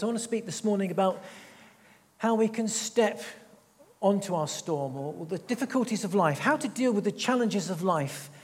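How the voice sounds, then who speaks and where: A man preaching a sermon, reading scripture aloud and slowing down to stress key words. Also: high voice, a little mellow, long reverb tail. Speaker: pastor. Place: church hall.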